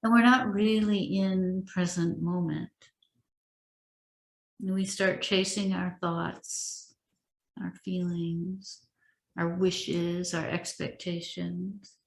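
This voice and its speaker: Woman meditation teacher, unhurried reading with spaces between lines, roomy echo. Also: lowish voice, vocal fry. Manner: slow, measured recitation with long pauses. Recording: echoey room.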